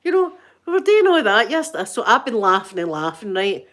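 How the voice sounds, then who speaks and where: A woman's voice: mid-range voice, very animated, fairly quick, fairly bright tone. A woman with a Scottish accent chatting casually and telling funny stories, giggly and self-mocking, full of local slang. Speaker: ASMR channel host. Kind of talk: casual storytelling chat.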